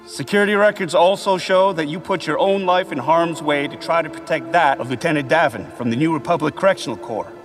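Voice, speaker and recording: A man's voice: on the high side, natural voice. A man playing a stern starship patrol officer. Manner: formal, measured interrogation. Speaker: officer in a sci-fi series clip. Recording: film clip with score and long reverb.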